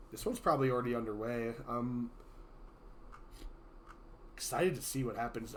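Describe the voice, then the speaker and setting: A man hosting and casting a live gaming tournament in a casual, chatty way, his voice a little hoarse from being sick, with sudden loud excited outbursts. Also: mid-range voice, normal speed, long pauses. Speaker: tournament host and caster. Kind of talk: casual live-stream commentary.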